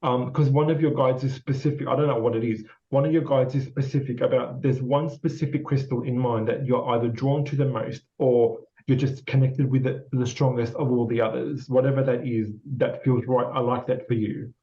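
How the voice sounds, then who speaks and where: This Australian man works as a psychic medium, and here he's doing a loose, chatty spirit reading for a guest, full of reassurance, repeated phrases and fillers. He speaks warmly in a mid-range voice at a moderate pace, with fairly even intonation and barely any pauses. The audio is lo-fi and a bit dull.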